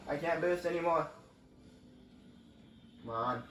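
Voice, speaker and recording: Speaking slowly in a slightly high, a bit bright voice, a young man chats his way through a racing game for his channel, reacting to the gameplay in let's-play style. There's a little hiss or hum, and the distant, roomy mic picks up faint ambience.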